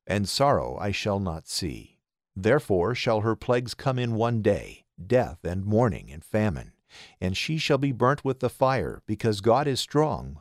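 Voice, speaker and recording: A man with a fairly low voice reads scripture aloud, his delivery solemn and measured. His pitch rises and falls widely from phrase to phrase. The recording is dry and close, with no room sound. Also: no echo. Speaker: scripture reader.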